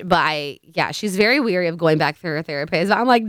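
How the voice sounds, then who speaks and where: A young woman talks in a chatty, easy vlog style and slips into quoted voices as she retells a friend's story. Her voice sits in an ordinary middle pitch. The sound is close and dry, with no room around it. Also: sing-song, brisk, fairly bright tone, no room sound. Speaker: vlogger. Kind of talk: casual storytelling.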